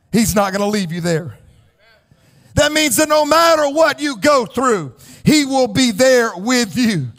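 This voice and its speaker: A male pastor delivering an impassioned sermon, rising into shouts and sung, chanting cadences. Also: very high voice. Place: church sanctuary.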